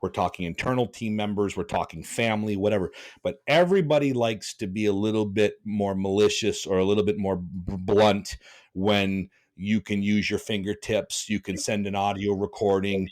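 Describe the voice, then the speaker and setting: A man's voice: lowish voice, steady tone, moderate pace, darkish tone. A man hosting a podcast, talking bluntly and passionately, rambling with restarts. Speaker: podcast host. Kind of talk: casual podcast chat.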